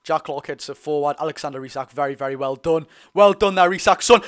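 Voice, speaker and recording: Geordie lad doing a live match watch-along, high voice, gets loud and sweary when his team scores. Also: fast talker, few pauses, clear, resonant tone. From North East England. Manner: excitable, loud celebrating, swearing; partisan play-by-play with repeated phrases. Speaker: fan watch-along streamer. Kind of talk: live fan commentary.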